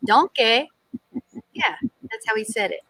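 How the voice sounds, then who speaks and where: A woman's voice: fairly high pitch, sing-song, moderate pace, pushed and bright, no room sound. A woman co-hosting a casual talk show, playfully chiming in with quips. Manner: playful, interjecting. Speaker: co-host.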